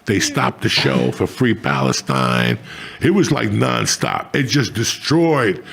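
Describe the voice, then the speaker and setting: A man's voice: mid-range voice, slow pace. A middle-aged man hosting a podcast, telling crude, rambling stories full of swearing. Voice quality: gravelly. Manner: profane, rambling, animated. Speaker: podcast host. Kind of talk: crude casual storytelling.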